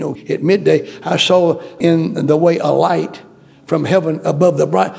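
A man preaching with a high, gravelly voice. He repeats his phrases, stumbles through restarts and leans hard on each point as he builds. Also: a little mellow. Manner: repetitive, emphatic preaching with stammered restarts. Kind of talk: sermon.

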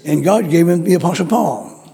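A man's voice: on the high side, normal speed, gravelly, dark tone. A man preaching a sermon, emphatic and repetitive, acting out the voices in the story he tells. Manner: repetitive, emphatic, acts out quotes.

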